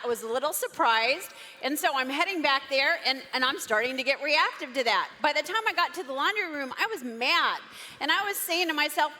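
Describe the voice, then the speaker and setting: A woman telling a personal story to a live audience at a marriage seminar, in an animated, expressive way. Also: high-pitched, a little hiss or hum. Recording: long hall reverb.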